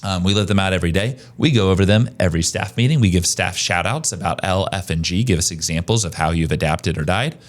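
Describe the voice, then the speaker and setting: A man hosting a casual podcast chat, energetic and conversational, often restarting his sentences. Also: sits low, fast talker, hardly any pauses. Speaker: podcast host, agency owner.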